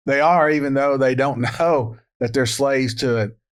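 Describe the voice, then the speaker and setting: A man co-hosting a Bible study, explaining Greek word meanings in a measured way. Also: mid-range voice, smooth. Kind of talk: verse-by-verse Bible study discussion.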